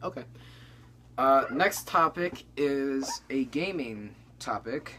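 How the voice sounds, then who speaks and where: A young man co-hosting a casual comedy chat, tossing in quick jokes. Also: mid-range voice, expressive, bright, forceful tone, slight background noise. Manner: quick joking interjections. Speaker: co-host.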